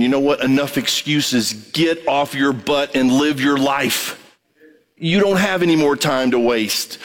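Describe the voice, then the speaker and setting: A man preaching a radio sermon, impassioned, swinging between high urgent pleading and low emphatic asides. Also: measured pace, fairly bright tone.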